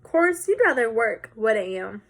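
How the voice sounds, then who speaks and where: A woman's voice: fairly high pitch, sing-song, unhurried, heavily acted. A woman reading as a teasing boy.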